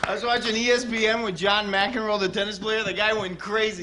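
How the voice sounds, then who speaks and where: A man doing a stand-up comedy routine on a TV studio stage, talking in a rapid, goofy way and chatting with the crowd. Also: high-pitched, little pitch movement, very noisy. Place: TV studio stage with live audience.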